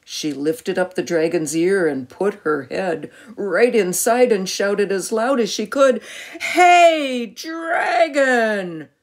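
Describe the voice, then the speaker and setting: A woman reading a picture book aloud to a child, animated, with gasps and questions for the listener. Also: fairly low pitch, measured pace, hardly any pauses.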